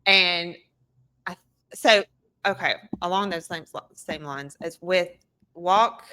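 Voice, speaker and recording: A woman host who stops and restarts her questions, searching for words as she goes. Her voice is fairly low, yet bright and clear in tone. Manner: halting, restarting questions with many fillers. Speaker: podcast host. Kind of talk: podcast interview.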